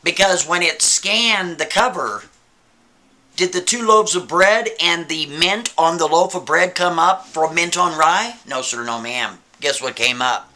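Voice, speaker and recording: A man telling a story in a casual, animated way, often checking in with the listener and posing questions. His voice is bright, forceful and slightly high. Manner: animated, keeps asking "right?" and rhetorical questions.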